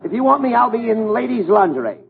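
A man's voice: extremely high pitch, big pitch swings, fast, vocal fry, very noisy. A man playing the exasperated, bossy straight man in a 1940s radio comedy. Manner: exasperated, bossy, breaking into laughter. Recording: lo-fi 1940s radio with studio audience.

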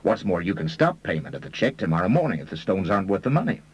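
Man doing a slangy American swindler, low and husky. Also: sing-song, highs cut off, heavily acted. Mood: eager. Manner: fast-talking slangy swagger. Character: brash American male con man, slangy and scheming.

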